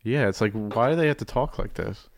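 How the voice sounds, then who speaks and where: A man's voice: lowish voice, brisk, no room sound. A young man co-hosting a casual podcast, making dry, teasing remarks. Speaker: podcast co-host. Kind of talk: casual chat.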